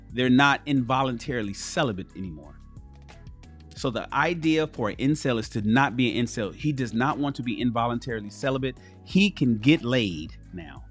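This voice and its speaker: A man hosting a livestream who talks in a profane, animated way and acts out the people he quotes. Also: mid-range voice. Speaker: host. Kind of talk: livestream commentary.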